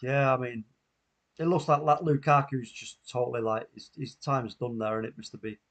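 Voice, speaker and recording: A man's voice: mid-range voice, steady tone, moderate pace, fairly bright tone. A man hosting a live football watchalong, chatting casually, laughing often and reading out viewer comments. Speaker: watchalong host. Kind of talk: casual live stream chat.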